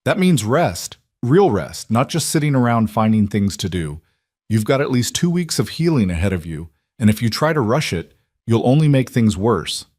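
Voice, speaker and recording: A man voicing a stern older woman, a frontier midwife who gives firm, brisk instructions. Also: mid-range voice, big pitch swings, a little mellow, no room sound, clean studio sound.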